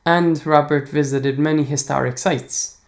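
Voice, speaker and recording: A man's voice: on the high side, fairly even intonation, measured pace, gravelly. Chatty man hosting a podcast. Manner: enthusiastic, chatty, laughs often; reads listener emails aloud. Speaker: podcast host. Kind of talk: casual podcast chat.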